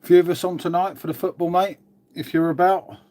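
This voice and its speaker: A man's voice: high voice, level tone, fairly quick, dark tone. A British man hosting a casual livestream, chatting and swearing freely while greeting and answering viewers. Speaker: livestream host. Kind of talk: casual live-stream chat.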